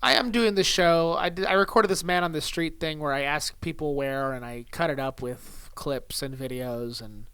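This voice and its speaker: A man's voice: on the high side, moderate pace, few pauses, bright, forceful tone, smooth. A young man co-hosting a podcast in casual chat, teasing his friend with dry jokes and hesitant filler words. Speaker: podcast co-host.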